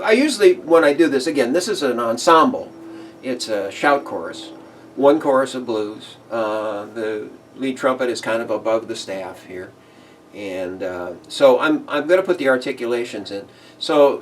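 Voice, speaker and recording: A man teaching big band arranging in a casual tutorial, relaxed, chuckling now and then and singing phrases as "ba da da". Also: medium pitch, recorded from a distance, a little hiss or hum. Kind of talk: casual screen-recorded tutorial.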